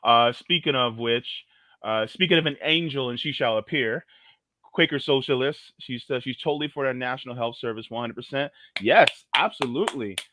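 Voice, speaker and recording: A man's voice: medium pitch, normal speed, pushed and bright, dry recording. A man co-hosting a casual political podcast, jokey and emphatic. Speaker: co-host.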